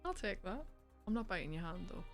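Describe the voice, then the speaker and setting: A woman's voice: mid-range voice, sing-song, brisk, soft background music. A woman co-hosting a casual livestream with her partner, teasing, swearing casually and giggling often. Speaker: co-host, streamer's partner.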